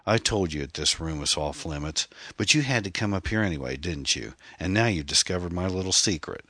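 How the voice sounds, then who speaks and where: A man's voice: deep voice, lively intonation, brisk, a bit bright, no echo. Man doing a sneering killer with a twang. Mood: taunting. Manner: hissing, taunting, hillbilly twang. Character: menacing male serial killer, sneering and leering.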